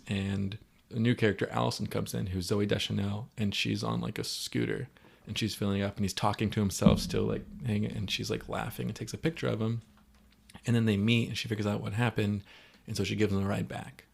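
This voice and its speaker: A man co-hosting a podcast, casually recapping a movie and acting out characters' lines in quick quoted voices. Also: lowish voice, creaky. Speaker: podcast co-host.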